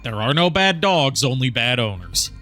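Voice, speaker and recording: Bright-voiced rambling male streamer. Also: mid-range voice, big pitch swings, normal speed, vocal fry, faint music behind. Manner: chatty, rambling, laughs often. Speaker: streamer host. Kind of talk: casual chat while streaming a game.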